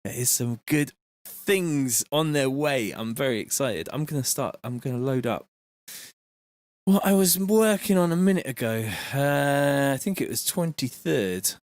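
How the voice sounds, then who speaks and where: A man chatting casually on a live stream, reading out viewer messages in a relaxed, slangy way from his home studio. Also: mid-range voice, unhurried, dry recording. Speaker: music producer streaming live.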